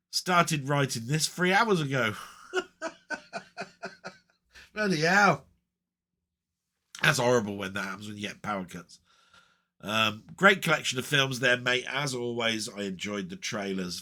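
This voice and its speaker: Male vlogger, bright voice, mid pitch, loose rambling delivery. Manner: rambling, chatty, frequent ums and asides. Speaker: retro gaming vlogger. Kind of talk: casual rambling chat.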